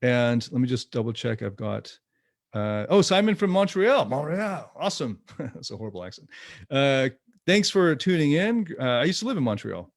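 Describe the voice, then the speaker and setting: A man's voice: medium pitch, very animated, moderate pace, gravelly. A man leading a live online coaching session, talking casually with fillers and self-corrections. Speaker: coach leading a livestream exercise. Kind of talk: livestream coaching talk.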